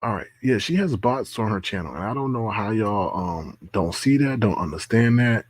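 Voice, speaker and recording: A man's voice: fairly low pitch, lively intonation, moderate pace, dry recording. A man hosting a casual livestream, reading chat comments aloud, laughing often and repeating himself. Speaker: livestream host.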